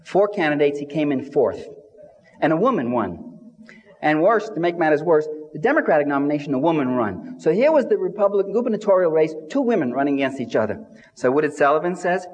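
A man's voice: fairly high pitch, sing-song, fairly quick. Sardonic man lecturing in a hall. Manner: sardonic, mimics quoted people with exaggerated voices. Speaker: speaker addressing a live audience. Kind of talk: satirical public lecture. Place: large hall with audience. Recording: distant reverberant hall recording.

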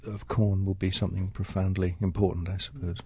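A man's voice: low voice, flat delivery, brisk, warm tone, breathy edge, no room sound. A man interviewing a guest, asking tentative, probing questions.

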